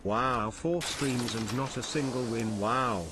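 A synthetic male text-to-speech voice reads viewer messages one after another. It is even and mechanical, with a middle pitch. Clear stream noise sits behind it. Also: takes it slowly. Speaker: text-to-speech donation reader.

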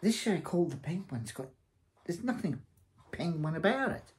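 Male reviewer, blunt and rambling, with a dark, mellow tone. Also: fairly high pitch, very animated, moderate pace. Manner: rambling, hesitant, blunt and scornful. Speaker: TV series reviewer. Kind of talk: casual spoken review.

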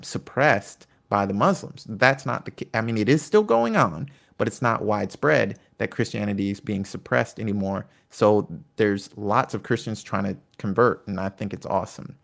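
Speaking in a lowish voice marked by vocal fry, a man presents a history video from his notes. Spontaneous, eager asides interrupt the reading, and he occasionally trips on names.

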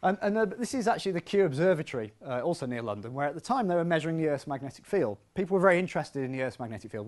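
A male physics professor with a slightly high voice lectures the public on science in a hall. His delivery is lively and conversational, with self-deprecating asides.

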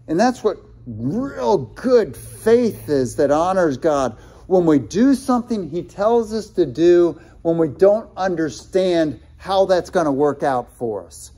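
Mellow-voiced conversational male pastor. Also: fairly high pitch. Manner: conversational, many fillers and restarts, quotes scripture. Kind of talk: sermon.

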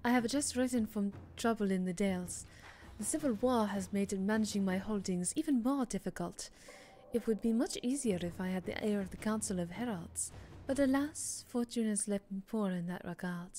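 A man's voice: high voice, moderate pace, darkish tone, slight background noise, lightly acted. A woman voicing a polite, self-pitying male noble with a French accent, reading his letter aloud. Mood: courtly. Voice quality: mock-formal letter reading.

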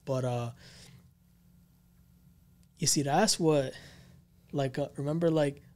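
A man's voice: on the high side, slow pace, darkish tone. A man co-hosting a paranormal podcast, telling a creepy story in a rambling, slangy way with many fillers. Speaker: podcast co-host.

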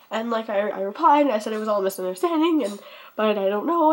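Panicky young woman, high voice. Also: animated, fast talker, a little hiss or hum. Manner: panicked, repeating herself, sighing. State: anxious, near hyperventilating. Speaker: channel owner. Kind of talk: anxious vlog plea.

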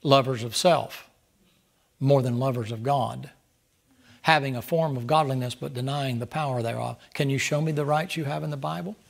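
A male pastor preaching a Bible study sermon, emphatic, full of rhetorical questions, swinging between loud outbursts and quieter asides. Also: mid-range voice, normal speed, creaky.

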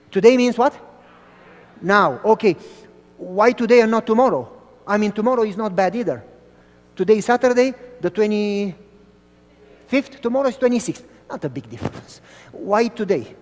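A man preaching a sermon who tells stories in an animated way and asks the audience questions. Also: sits high, big-room sound.

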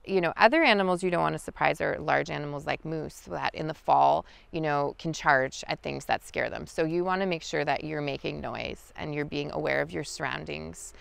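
A woman guiding an outdoor lesson in the forest, talking in a relaxed, chatty way with many fillers. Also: low-pitched, moderate pace, gravelly, few pauses, clear, resonant tone, no room sound. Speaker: wild food guide. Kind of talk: outdoor teaching talk.

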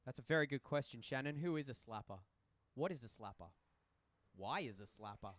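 With a mid-range, fairly bright voice, lively intonation, and a slightly fast pace, a young Australian man does play-by-play for a social ice hockey game in a rink booth. It's casual live commentary where he jokes and rambles between play calls.

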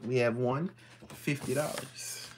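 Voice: mid-range voice, steady tone, takes it slowly, a little hiss or hum. A livestream host, casually reading out symbols one by one and greeting viewers in the chat.

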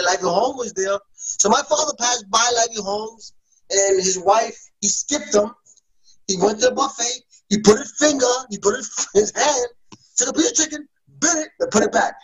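Emotional man telling stories with lively pitch. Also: low-quality recording. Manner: emotional, lively, loose street speech. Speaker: interview guest. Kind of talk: casual interview storytelling.

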